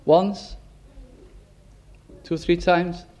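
A man's voice: sits high, level tone, extremely slow. A man preaching a sermon in an earnest way, pressing his listeners with rhetorical questions. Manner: earnest, probing rhetorical questions, drops to a hush.

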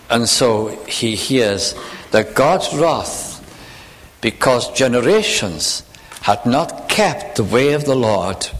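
A man preaching with earnest conviction. His pitch rises and falls in a lively way as he slows down to give weight to the scripture he reads. His voice sits at an ordinary middle pitch. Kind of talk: sermon.

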